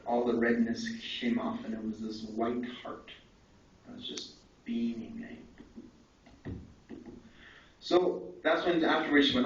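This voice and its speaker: A man's voice: medium pitch, moderate pace, slight background noise. Candid man speaking from far off in an echoey hall. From Canada. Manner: candid storytelling with frequent "eh" and "right". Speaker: conference speaker. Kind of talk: personal testimony talk. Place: large echoey conference hall. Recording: echoey, distant, dull lo-fi hall recording.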